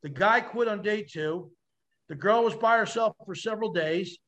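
A man guesting on a podcast, telling animated stories with vivid, salty language and acting out the voices of others. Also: high-pitched, normal speed, highs cut off. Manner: vivid, acts out quoted voices, swears freely. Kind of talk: animated storytelling.

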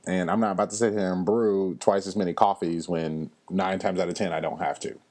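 Blunt low-voiced man with a drawl. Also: brisk. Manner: animated, blunt, swears freely. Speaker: podcast host. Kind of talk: casual storytelling monologue.

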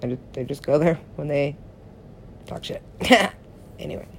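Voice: medium pitch, moderate pace, gravelly, a little hiss or hum. A person rambling through a solo monologue, swearing often, laughing and talking to themselves. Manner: meandering, profane, laughs often, talks to self.

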